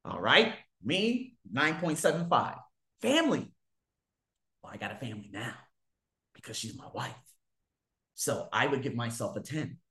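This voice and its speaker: A man telling stories to his viewers in a casual monologue, swearing freely and swinging widely in pitch and loudness. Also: unhurried, long pauses. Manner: profane, animated, big swings in pitch and loudness. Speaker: vlogger. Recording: echoey room.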